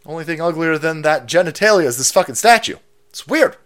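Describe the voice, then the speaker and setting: A man ranting on his stream, foul-mouthed and mocking. His voice is bright and forceful, and his pitch swings widely as he talks. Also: expressive, brisk. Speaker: streamer host.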